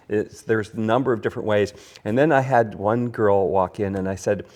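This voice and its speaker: A man's voice: on the low side, steady tone, moderate pace, darkish tone. A man hosting a casual whiskey tasting chat, rambling like a storyteller with many restarts. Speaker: podcast host.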